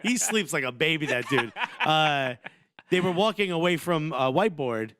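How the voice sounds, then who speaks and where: Joking, animated man in casual chat. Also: fairly high pitch, normal speed, dry recording, clean studio sound. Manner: joking, animated storyteller who acts out quotes. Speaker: podcast co-host.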